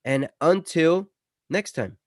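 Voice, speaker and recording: A man hosting an investing channel, talking casually over his screen in a chatty way, going from loud emphasis to dropping quiet. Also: on the high side, animated, takes it slowly, no echo, studio quality. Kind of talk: casual screen-share commentary.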